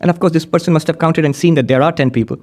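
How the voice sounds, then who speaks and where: A man giving a spiritual talk, telling a parable and explaining teachings with animated emphasis that swings high and low. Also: rapid-fire.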